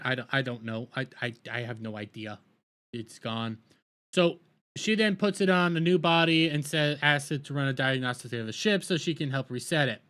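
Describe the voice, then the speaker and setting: A man recaps a show in a loose, rambling way, his voice bright and slightly high. He keeps tripping over restarts and breaks into disbelieving outbursts at the plot. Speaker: show reviewer. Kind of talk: casual spoken recap.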